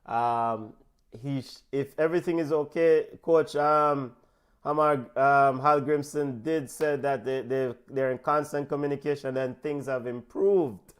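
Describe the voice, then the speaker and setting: A man with a Jamaican accent hosting a casual football watch-along, excitable and quick to shout out names and give big-ups. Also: mid-range voice, clear, resonant tone. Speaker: football show host.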